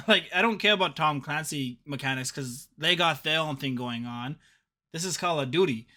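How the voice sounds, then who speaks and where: A man's voice: a little high, a little fast, pushed and bright. A young man co-hosting a casual gaming podcast, ranting jokingly and laughing often. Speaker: podcast co-host.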